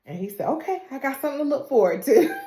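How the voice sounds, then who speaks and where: A woman recapping a TV episode in casual speech with a dialect, acting out the characters' lines with laughter. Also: brisk. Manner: animated retelling, acting out characters' lines with big pitch jumps and laughs. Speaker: recap vlogger. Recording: echoey room.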